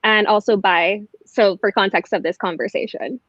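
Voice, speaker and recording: A young woman from Barbados, a guest on a live video call book chat, chatty and quick to laugh. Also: mid-range voice, fairly bright tone, no echo. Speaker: guest booktuber. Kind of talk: casual live-stream chat. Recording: dry dull video call audio.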